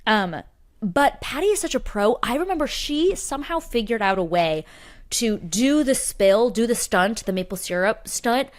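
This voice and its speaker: A woman's voice: on the high side, expressive, moderate pace. A young adult woman co-hosting a podcast, telling stories in a casual chat with lots of fillers and restarts. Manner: chatty storyteller, many fillers and restarts. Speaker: podcast co-host.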